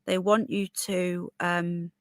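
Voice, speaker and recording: A woman's voice: on the low side, level tone, takes it slowly, no echo. A woman hosting a casual livestream, with a sore throat, chatting opinionatedly and reading out viewer comments. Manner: chatty, opinionated, rambling with restarts. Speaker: livestream host.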